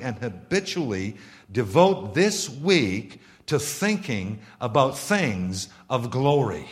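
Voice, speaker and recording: Emphatic Canadian preacher, lively pitch. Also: male voice. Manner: emphatic preaching, repeating words for stress, rhetorical questions. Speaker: pastor. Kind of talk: sermon.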